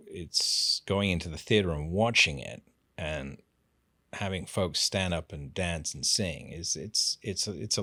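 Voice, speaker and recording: A man's voice: deep voice, slightly rough, dry recording. A middle-aged man, a guest actor, telling stories in a casual interview and acting out the voices he quotes. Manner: animated storyteller, acts out quoted voices.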